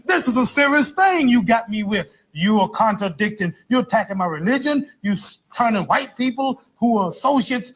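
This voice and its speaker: Husky high-voiced guy, boastful and defiant, hammering questions at the host. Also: expressive, fairly bright tone. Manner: defiant, boastful, rapid-fire challenges. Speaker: boxer guest on a TV talk show. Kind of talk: heated archival TV debate.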